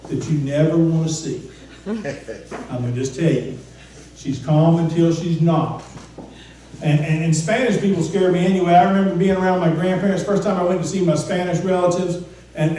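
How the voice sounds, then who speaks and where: A man's voice: high-pitched, warm tone. A man preaching a casual, conversational sermon, often asking the congregation questions and stumbling over repeated words. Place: church sanctuary. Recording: echoey church room from far off, faint noise.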